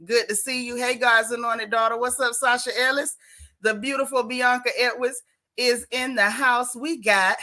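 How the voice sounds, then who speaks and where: A woman hosting a casual livestream chat, animated and folksy, a little out of breath. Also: on the high side, poor audio. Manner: animated, folksy, loud greetings. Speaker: show host greeting live chat.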